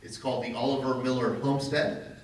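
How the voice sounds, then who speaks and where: A man giving a public history lecture as a lively storyteller with wry humor. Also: medium pitch, fairly quick, a little hiss or hum. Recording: echoey hall from far off.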